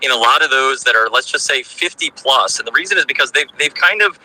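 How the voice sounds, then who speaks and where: A man co-hosting a live audio chat, talking in a measured, appreciative, explaining way. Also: medium pitch, expressive, bright, forceful tone, rough recording. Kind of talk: casual chat.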